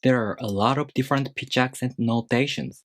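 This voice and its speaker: A man teaching a language lesson in a deliberate, scripted explanatory way, slowing down to demonstrate pitch on example words. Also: dry recording, studio quality.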